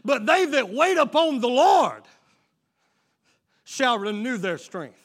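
A middle-aged man preaches to his congregation in a high, bright, ringing voice. He moves between quiet, confiding asides and shouted call-and-response, pushing the room for amens. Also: big pitch swings, slow. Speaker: pastor. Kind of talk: sermon. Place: church sanctuary.

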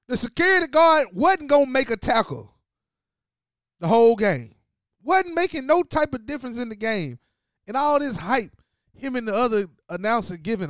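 A sports podcast host with a high, smooth voice goes on an animated, profane, trash-talking rant about a game at normal speed. He swings between reading stats in a low, flat voice and loud, excited outbursts where he hammers the same phrase repeatedly. The recording is dry and close to the mic.

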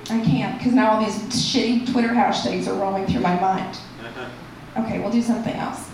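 A woman performing a stand-up comedy set and hosting the show, animated and shouting her punchlines in high bursts. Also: moderate pace, distant mic. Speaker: stand-up comic and festival host. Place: comedy club stage. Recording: echoey room picked up from afar.

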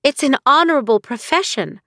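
A woman's voice: high voice, animated, normal speed, a bit bright, no room sound, studio quality, pitched above the performer's own voice. A woman voicing a defiant young noblewoman who argues with heated, pleading protests in an audiobook. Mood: indignant. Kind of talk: audiobook character reading.

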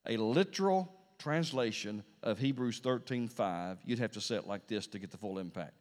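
A man preaching a Pentecostal sermon, swinging between hushed, slow passages and loud, rising emphasis, repeating phrases for effect. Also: fairly low pitch. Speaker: pastor. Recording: long reverb of a large hall.

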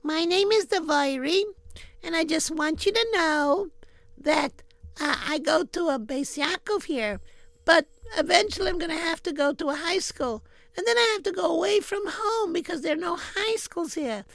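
A man putting on a very high earnest little girl. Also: animated, normal speed, creaky, a bit bright, dry recording, full character voice. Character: young girl, earnest and pleading.

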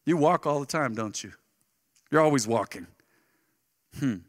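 A middle-aged man preaching a sermon to his congregation, telling stories animatedly and moving between loud bursts and soft, quiet asides. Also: mid-range voice, animated, unhurried. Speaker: pastor. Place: church sanctuary. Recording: live church sound with long reverb.

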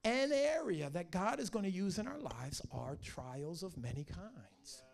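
High-voiced, energetic middle-aged preacher. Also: male voice, a little slow, creaky. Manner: energetic, joking and animated storytelling. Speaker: pastor. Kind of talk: sermon.

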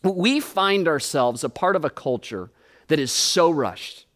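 High-voiced pastor preaching. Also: male voice, unhurried. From United States. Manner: animated storytelling with humorous asides. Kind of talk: sermon with personal story.

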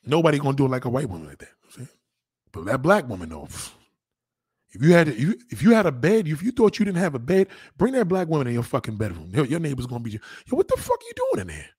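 A man's voice: medium pitch, sing-song, fast, darkish tone, husky, no echo, clean studio sound. A man hosting a casual streamed chat, talking in a crude, rambling way full of street slang. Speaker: host.

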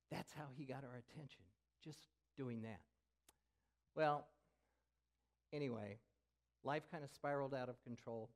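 A man's voice: medium pitch, unhurried. An older man, a pastor, preaching a sermon as he tells a candid story from his own life, now and then dropping to a whisper.

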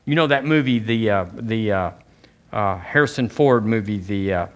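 A man's voice: lowish voice, normal speed. A man preaching a sermon, talking conversationally to the congregation and asking them questions, often restarting and repeating phrases. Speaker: pastor.

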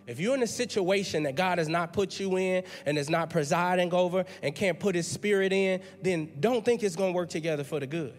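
A man's voice: high-pitched, brisk, hardly any pauses, soft background music. A male pastor preaching an emphatic, conversational sermon in a church, repeating words as he builds his point. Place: church sanctuary. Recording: long hall reverb.

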